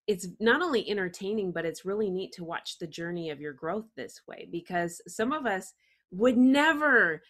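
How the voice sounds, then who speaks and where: A woman hosting an interview show, talking in an enthusiastic, effusive way as she praises her guest. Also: medium pitch. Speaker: show host.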